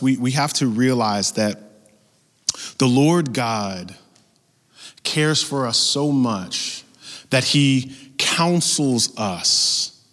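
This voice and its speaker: A man's voice: medium pitch, a bit bright. A man preaching a sermon as pastor, emphatic and building with repeated phrases. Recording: long reverb from a large hall.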